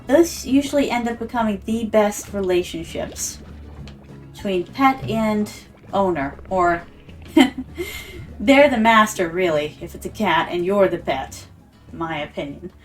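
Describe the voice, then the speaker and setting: A woman's voice: medium pitch, unhurried. A woman streamer chatting casually and telling a story while she plays a game, acting out the voices of the people in it. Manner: chatty, acts out quoted voices. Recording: slightly distant mic with background music.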